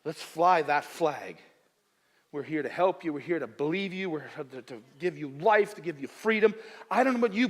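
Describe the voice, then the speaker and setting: In a church sanctuary, a large hall, a male pastor with a high voice preaches a sermon, joking at his own expense. He swings between soft asides and loud, emphatic bursts and often repeats his phrases.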